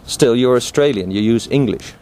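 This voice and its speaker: A man's voice: medium pitch, moderate pace, darkish tone. A man hosting an interview, asking probing, hesitant questions. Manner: probing, hesitant, searching for words. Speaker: interviewer, host.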